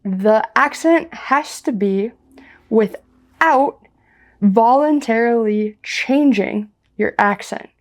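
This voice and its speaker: A young American woman telling a story slowly and clearly for English learners, repeating ideas in simple words. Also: on the high side. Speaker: English teacher.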